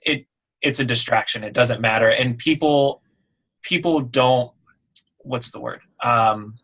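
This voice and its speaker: Relaxed, conversational man in a webinar. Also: medium pitch, a little slow. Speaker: voiceover demo producer. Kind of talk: casual webinar Q&A answer.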